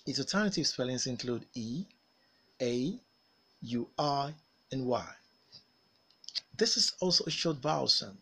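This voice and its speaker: A man leads a phonics drill at a very slow, deliberate pace. He over-articulates each sound and word for learners to repeat. His voice carries a husky, slightly breathy edge. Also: mid-range voice, expressive, sharp tone. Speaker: phonics teacher. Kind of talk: slow, deliberate pronunciation lesson.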